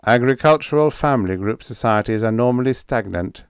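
A man reading aloud, voicing a ship's monitor computer in a flat drone. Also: medium pitch, fairly quick, smooth, dry recording, clean studio sound, lightly acted. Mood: droning. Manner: flat, droning. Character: droning ship monitor computer.

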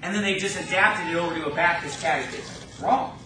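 A man preaching a fervent sermon in a church, reading scripture slowly and mocking opposing views in quick asides. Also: high-pitched, noisy background. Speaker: pastor. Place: church sanctuary. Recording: echoey church room, mic far off.

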